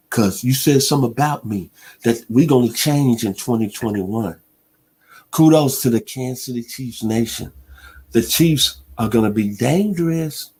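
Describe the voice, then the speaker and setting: Man, 60s, sports radio host, emphatic heartfelt delivery, mid-pitched voice. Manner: emphatic, preacher-like delivery with heartfelt shout-outs. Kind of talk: sports talk radio monologue.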